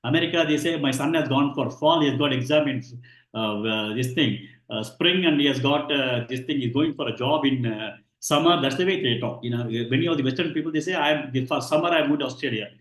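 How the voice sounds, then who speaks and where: A man giving a scripture lesson, explaining patiently, repeating himself and pausing often with "uh". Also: mid-range voice, fairly bright tone. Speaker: scripture teacher. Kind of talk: explanatory lecture. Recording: roomy echo.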